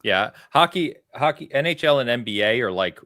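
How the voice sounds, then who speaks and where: An American man hosting a casual podcast, chatting in a relaxed, rambling way with lots of filler words. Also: mid-range voice, fairly quick, no echo, studio quality. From United States. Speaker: podcast host.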